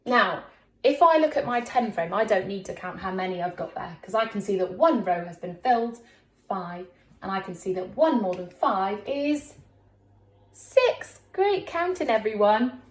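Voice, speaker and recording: A woman primary school teacher giving a recorded lesson to young children, talking slowly in an encouraging, sing-song way. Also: animated. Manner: slow, sing-song, encouraging teacher talk with big pitch swings. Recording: echoey room.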